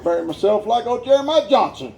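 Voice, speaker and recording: A man tells a humorous story from his own life as a church testimony. He sounds animated, laughs along with his own tale, and his fairly high voice swings widely in pitch. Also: fast talker, gravelly, slight background noise. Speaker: guest speaker giving his testimony.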